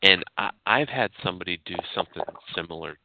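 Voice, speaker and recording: Male cohost, very deep voice, skeptical and measured; phone-line audio, hissy. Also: lively intonation. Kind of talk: casual chat. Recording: tinny phone line with noise.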